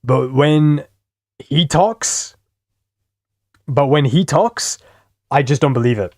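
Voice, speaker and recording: A man's voice: on the high side, takes it slowly, darkish tone, dry recording, studio quality. Rambling, foul-mouthed young male streamer. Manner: rambling, swears freely, self-deprecating. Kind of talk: casual reaction commentary.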